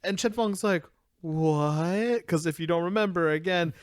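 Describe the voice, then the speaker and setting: A man's voice: sits high, a little fast, no room sound, clean studio sound. Young man animatedly recapping an anime. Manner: animated recapping, acts out characters' lines. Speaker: podcast co-host. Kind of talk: casual anime review chat.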